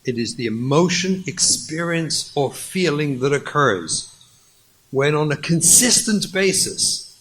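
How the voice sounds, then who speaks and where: A man's voice: on the high side, very animated, slow, a bit bright, low-quality recording. A man, a rabbi, giving a lecture and acting out stories, emphatic and repeating key points.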